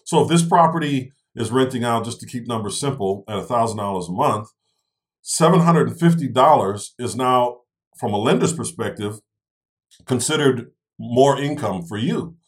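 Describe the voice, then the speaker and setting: Expressive and moderately paced, a man with a medium-pitched voice co-hosts a casual conversation explaining real estate investing in steps. Along the way he tags his points with "right?" and "okay?".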